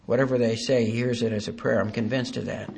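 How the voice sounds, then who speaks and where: Gravelly man telling his story. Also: medium pitch, fairly even intonation, a little mellow, slight background noise. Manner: halting, earnest, dry self-deprecating humor. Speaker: recovery meeting speaker. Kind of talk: personal testimony talk.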